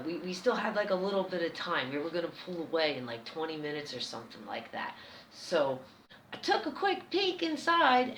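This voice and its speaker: A woman with an American accent telling a personal story as a vlogger, animated and chatty. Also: lowish voice, slight background noise. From United States. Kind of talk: casual storytelling. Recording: roomy echo.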